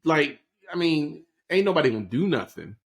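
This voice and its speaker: A man's voice: a little high, big pitch swings, normal speed, vocal fry. A man co-hosting a podcast, talking through current events in a casual explanatory way and often checking in with "right?". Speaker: podcast co-host. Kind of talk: casual political chat.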